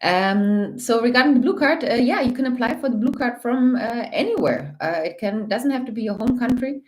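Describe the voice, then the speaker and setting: A woman's voice: on the high side, lively intonation, brisk, noisy background. A woman co-hosting a casual livestream, explaining practical rules plainly and informally from a home setup. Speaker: livestream co-host.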